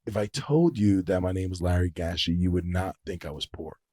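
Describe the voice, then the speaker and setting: Low-voiced man telling stories. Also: fairly quick, dry recording. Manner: animated, swears freely. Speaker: podcast guest, singer-songwriter. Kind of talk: casual storytelling chat.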